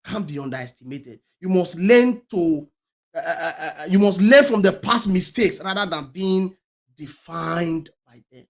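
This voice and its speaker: Hosting a talk show, a man with a fairly high voice delivers an emphatic motivational talk at normal speed. He repeats his key phrases and restarts often, swinging between loud stresses and quiet, trailing words.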